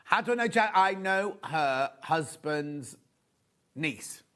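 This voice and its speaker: On a live shopping channel in a TV studio, a man with a fairly high, expressive, fairly bright voice presents fabrics slowly. He's chatty and rambling, dropping gossipy asides.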